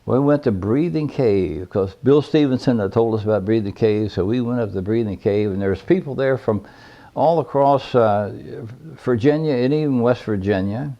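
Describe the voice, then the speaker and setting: A man's voice: mid-range voice, normal speed, dull audio. An older man telling personal stories in a folksy, plainspoken, rambling way. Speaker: veteran caver recounting his history. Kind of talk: personal storytelling.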